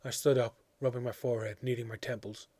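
A man narrating a literary story in a measured, quiet, reflective way. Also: mid-range voice, flat delivery, breathy edge, dry recording. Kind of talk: audiobook reading of a literary story.

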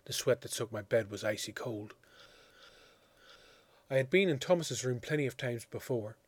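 A man narrating a literary story in a measured, quiet, reflective way. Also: medium pitch, animated, dry recording. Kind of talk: audiobook reading of a literary story.

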